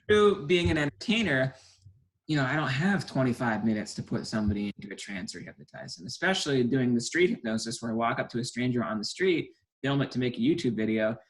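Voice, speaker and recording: Young guy in his 20s, hypnotist on an interview, talks eager and quick, mid pitch. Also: animated, rough recording. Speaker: stage hypnotist guest. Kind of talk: casual interview talk.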